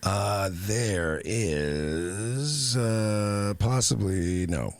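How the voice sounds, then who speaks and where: A man's voice: on the low side, very slow. A man co-hosting a podcast, cracking crude jokes in casual banter. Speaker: podcast co-host.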